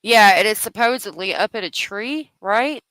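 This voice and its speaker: A woman's voice: medium pitch, moderate pace, a bit bright, clear, resonant tone, no echo. A woman hosting a casual true-crime commentary, chatty and thinking aloud as she works through the details. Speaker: host.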